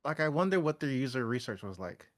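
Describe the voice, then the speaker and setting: A man co-hosting a gaming podcast in casual chat, chiming in with quick, exasperated reactions. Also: medium pitch, sing-song. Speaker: podcast co-host.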